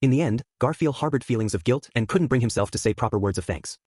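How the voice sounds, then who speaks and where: A man narrating an audiobook with a steady storytelling read. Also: mid-range voice, fast talker, breathy edge, no echo, clean studio sound. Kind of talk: scripted narration.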